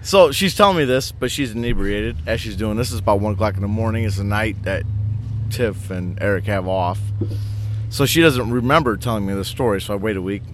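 Co-host, man, animated joking storyteller, faint background hum. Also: fairly low pitch, a little fast. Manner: animated, joking, acts out quotes. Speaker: podcast co-host. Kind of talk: casual storytelling chat.

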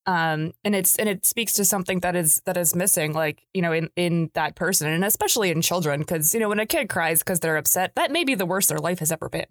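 A woman's voice: fairly low pitch, fast, few pauses, no room sound, studio quality. A woman co-hosting a podcast who speaks in a thoughtful, reflective way and hedges with likes. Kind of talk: casual podcast interview.

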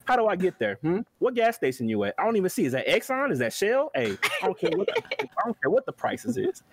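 Young man, Southern US accent, high and animated voice, crude joking, casual reaction chat. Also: fast, gravelly, a little hiss or hum. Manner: excitable, crude, joking, repeats "hey" and "do you hear me". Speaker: reaction panelist.

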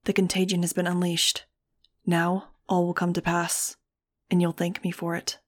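Serene male fanatic as a woman reader puts him on: low, even, quietly sure of himself, storybook reading. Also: normal speed, natural voice.

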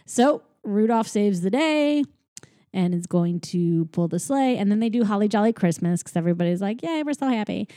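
Rambling sarcastic woman, dark dry voice. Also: medium pitch, expressive, normal speed, dry recording. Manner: rambling, sarcastic, many fillers. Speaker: podcast co-host. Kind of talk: casual chat recapping a movie.

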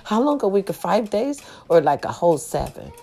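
A friendly, eager Latino handyman, as a woman puts him on. He speaks in short, simple broken English, low and hushed. His manner stays polite and keen to help. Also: very animated, moderate pace. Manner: quieter and lower than her own voice.

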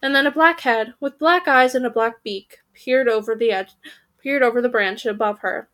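A woman's voice: fairly high pitch, moderate pace, fairly bright tone. A woman reading a children's fantasy story aloud, voicing the characters and stopping to correct her own slips.

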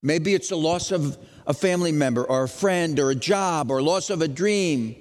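A man preaching an Easter sermon as pastor, dramatic, moving from loud questions to hushed lines. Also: fairly high pitch, moderate pace, big-room sound.

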